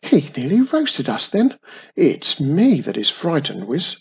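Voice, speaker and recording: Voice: medium pitch, lively intonation, takes it slowly, husky, exaggerated voice. A reader voicing a nervous, complaining young male wizard in a storybook, stammering and grumbling. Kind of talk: storybook reading.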